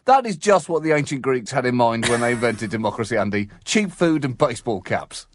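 A man's voice: mid-range voice, lively intonation, a little fast. A man co-hosting a comic news podcast, delivering jokes with dry, mock-solemn seriousness and breaking into laughs. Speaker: co-host.

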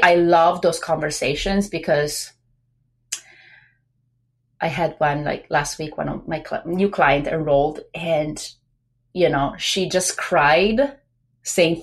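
A pregnant woman talking as a guest on a business podcast, chatty and lively, acting out quoted remarks between many fillers. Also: low-pitched. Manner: animated, acts out quoted voices, many fillers. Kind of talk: casual interview talk.

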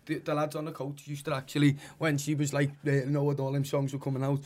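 A young man with a thick Scouse accent talks through a casual chat in a slightly high voice. He rambles and swears, and tacks "you know what I mean" onto his sentences. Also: monotone, fast, a little mellow. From Liverpool, England. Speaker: musician.

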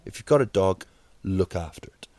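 A man with a New Zealand accent hosting a solo podcast, rambling deadpan jokes with many fillers and restarts. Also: sits low, normal speed, no echo. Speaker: podcast host. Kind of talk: solo comedic podcast monologue.

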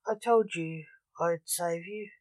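A reader voicing a calm, sly male warlock who is held prisoner. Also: medium pitch, takes it slowly, no room sound, natural voice. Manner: calm and teasing.

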